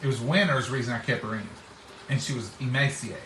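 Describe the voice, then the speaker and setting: Speaking quickly at a medium pitch, this middle-aged man tells folksy homespun tales in casual chat, performing the lines of the people he quotes. His tone is bright and forceful. Slight background noise sits under a roomy, distant-mic recording.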